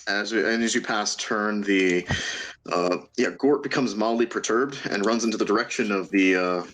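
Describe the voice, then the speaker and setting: Low-voiced man running a tabletop game. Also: fairly bright tone, a little hiss or hum. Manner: halting, many fillers and restarts, laughs often. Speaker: game master.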